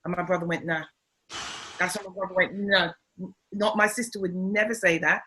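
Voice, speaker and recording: On a rough recording with a bit of background noise, a middle-aged comedian guesting on an interview trades family stories in a loose, animated style. She acts out the voices of the people she quotes, speaking a little fast in a lowish register.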